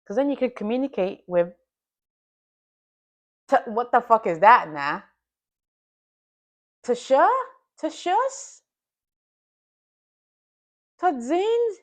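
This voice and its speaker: A woman's voice: fairly high pitch, animated, takes it slowly, long pauses. A woman streaming live as a futures trader, chatting loosely with viewers, swearing freely, and talking herself through a review of her trading day. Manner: reflective, self-coaching. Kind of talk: casual livestream chat and trade review.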